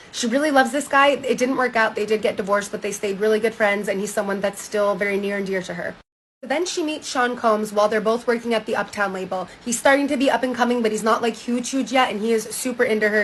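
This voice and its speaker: A woman's voice: on the high side, a little hiss or hum, poor audio. A woman giving a breezy, gossipy, casual recap of a book, now and then acting out quotes.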